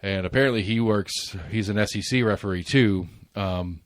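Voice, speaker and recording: A man in his forties with a deep voice talks through a long story in casual podcast chat, stopping to restart his sentences and laughing at himself. The sound is close and dry, with no room around it. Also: moderate pace, no room sound. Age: 40s. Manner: rambling, restarts often, laughs while telling stories. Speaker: podcast host.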